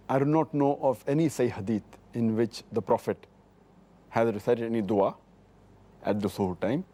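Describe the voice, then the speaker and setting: This middle-aged Islamic scholar, answering questions in a dark, medium-pitched voice, explains religious rulings at a measured pace. He carefully cites hadith by book and number and repeats his points.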